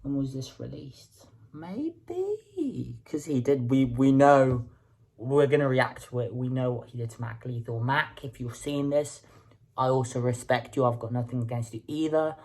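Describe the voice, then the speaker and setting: Woman, reaction host, casual commentary, very low voice, husky tone, repeats words mid-thought. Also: fairly even intonation, darkish tone. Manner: halting, repeats words while thinking aloud. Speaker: music reaction video host.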